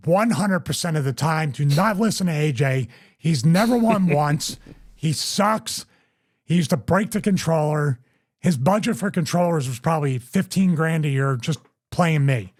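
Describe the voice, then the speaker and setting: A middle-aged man hosting a podcast, casually telling a story and acting out other people's quotes in raised voices. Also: fairly high pitch.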